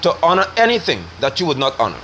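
A middle-aged man delivering a forceful, scolding sermon online, preaching hard at his listeners. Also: fairly high pitch, wildly swooping pitch, fast talker, noisy background.

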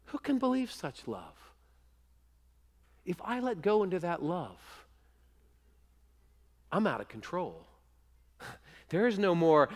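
A male pastor preaching a sermon, earnest and often sinking into a hushed, intimate voice. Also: high-pitched, big pitch swings, takes it slowly, in a large hall. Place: church sanctuary.

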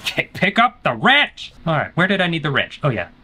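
A man's voice: fairly high pitch, huge pitch swings, fairly quick, sharp tone, breathy edge. A man streaming a horror game, joking and talking back to the game's characters in playful commentary.

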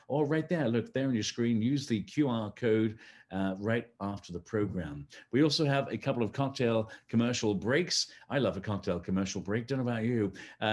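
Low-voiced chatty gala host. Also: male voice. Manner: friendly, chatty, with frequent fillers. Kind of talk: live-streamed gala hosting.

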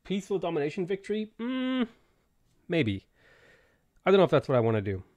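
Animated man chatting on a live stream. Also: a little high. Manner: greets chat viewers by name between game setup remarks; quick offhand answers to viewer questions. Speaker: game streamer. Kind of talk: casual live-stream chat.

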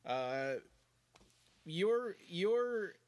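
A man's voice: high voice, big pitch swings, drawn-out words. An American man with a neutral, news-like accent, co-hosting a podcast in casual, hesitant chat with many restarts. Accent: General American. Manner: hesitant, restarts a lot, easily amused. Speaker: podcast co-host.

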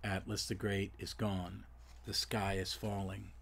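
A man voicing a solemn old male god and stern father figure as he reads a comic aloud, speaking in a grave, slow and low way. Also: flat delivery, gravelly, a bit bright, husky, exaggerated voice.

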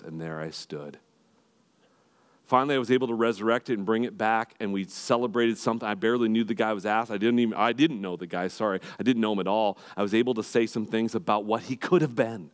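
Earnest pastor, low voice. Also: male voice. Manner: earnest, emphatic preaching with rising intensity. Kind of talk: sermon.

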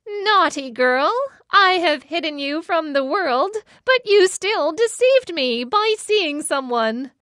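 A woman's voice: extremely high pitch, very animated, takes it slowly, pushed and bright, no room sound, clean studio sound, voice pushed up, heavily acted. A woman voicing a cruel, jealous old witch in a storybook reading, scolding and cackling. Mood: angry scolding.

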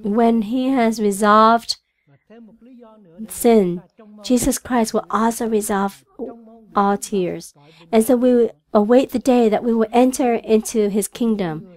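Slow, earnest woman interpreting a sermon. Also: fairly high pitch, steady tone, a little mellow. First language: Vietnamese. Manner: earnest, halting with restarts.

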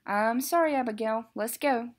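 A woman's voice: fairly high pitch, close to an everyday voice. Mister Z, a formal monster teacher, read by a woman. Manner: instructive, measured, formal. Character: formal male monster teacher, patient but strict.

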